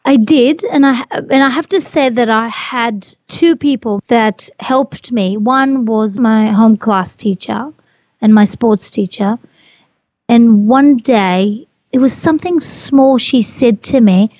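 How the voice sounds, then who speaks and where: A woman's voice: a little high, slow pace, a little mellow, no echo. A woman telling her personal story as an interview guest, earnest and repeating herself as she goes. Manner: earnest, repeats phrases, restarts.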